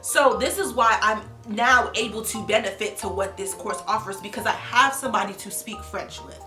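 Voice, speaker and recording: Young woman vlogger, casual and animated, many fillers, mid-pitched, roomy echo with music underneath. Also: normal speed. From Columbus, Ohio, USA. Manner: animated, filler-heavy with frequent "like". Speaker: vlogger reviewing a language course. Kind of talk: casual chatty review. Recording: echoey room with music behind.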